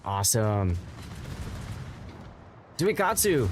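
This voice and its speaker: A man hosting a game livestream, chatting casually to viewers in a rambling way, with bursts of excited greetings. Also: mid-range voice, normal speed, pauses often, noisy background. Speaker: game streamer and host.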